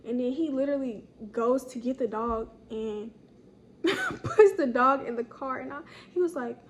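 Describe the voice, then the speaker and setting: A young woman telling a casual story from her own life, slangy and animated, acting out the people she quotes. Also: a little high, normal speed, slight background noise. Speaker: storytime vlogger.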